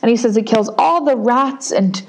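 Eager, soothing storybook girl voiced by a woman, bright and highish. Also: moderate pace, low-quality recording. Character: polite chatty young girl.

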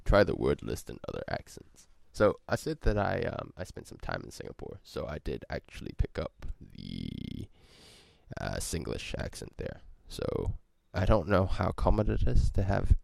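A man's voice: extremely low pitch, huge pitch swings, moderate pace, creaky, no echo. A man recording a casual audition intro in his room on a home mic, laid-back and hesitant. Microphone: home microphone.

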